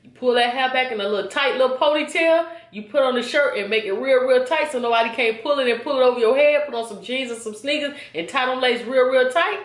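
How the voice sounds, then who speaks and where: A woman in her forties tells a story to her viewers in a chatty, animated way, often pausing to check in with them. Her voice sits a little high. The recording has a roomy echo. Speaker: vlogger. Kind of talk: casual storytime.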